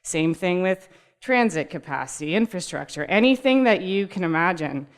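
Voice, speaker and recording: A woman's voice: on the low side, lively intonation, normal speed. A woman giving a casual, upbeat presentation to a live audience, laughing easily and talking directly to the room. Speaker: speaker at a tech community talk. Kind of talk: conversational presentation.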